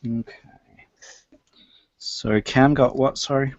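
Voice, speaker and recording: A man's voice: mid-range voice, steady tone, slow, dry recording, dull audio. A man as game master of a tabletop game, narrating hesitantly with many fillers over a voice call.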